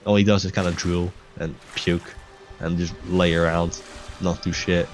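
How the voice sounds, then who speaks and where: A young man with a low, deep voice talks over his gameplay in loose, rambling bursts, swearing freely and restarting his sentences. Game music plays clearly underneath him. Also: little pitch movement, measured pace. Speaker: gaming video host. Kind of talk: casual chat over gameplay. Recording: music playing clearly behind voice.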